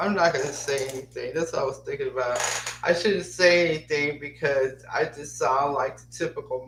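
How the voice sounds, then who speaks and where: A woman's voice: a bass voice, fairly bright tone. A woman hosting a podcast with her son, chatting casually with many fillers and reading notes aloud. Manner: chatty, rambling, with frequent fillers. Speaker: podcast host and mother. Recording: roomy echo, distant mic, faint hum.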